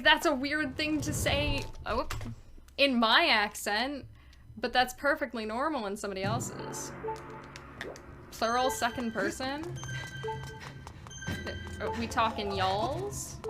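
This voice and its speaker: A woman streaming a speedrun, chatting casually and rambling, laughing often. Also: on the high side. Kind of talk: casual chat while playing. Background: game music.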